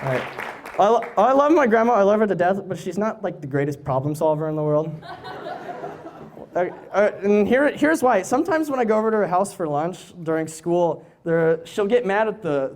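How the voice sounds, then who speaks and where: Young male comic, late teens, higher voice with a lot of bounce. Rambly and self-amused on a stage mic. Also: slight background noise. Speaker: stand-up comedian. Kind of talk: live stand-up comedy. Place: live venue stage.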